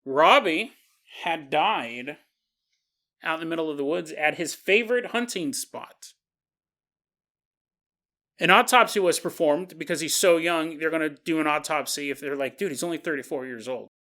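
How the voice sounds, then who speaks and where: Male podcast host, casual storyteller, bright and a little high, fond of wry tangents. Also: unhurried, pauses often. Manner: joking asides, chuckling tangents.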